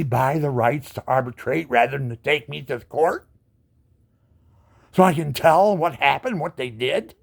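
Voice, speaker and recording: Here a medium-pitched male voice with vocal fry holds a moderate pace. It belongs to a disabled veteran in his 70s venting to the camera, firing off rhetorical questions and repeating himself throughout an indignant, angry tirade.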